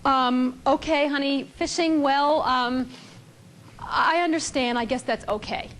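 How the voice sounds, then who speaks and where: A woman's voice: sits high, measured pace, fairly bright tone. A woman voicing a wife who speaks in a forced, hesitant sweetness while hiding her anger. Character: sweet wife forcing calm over hidden anger.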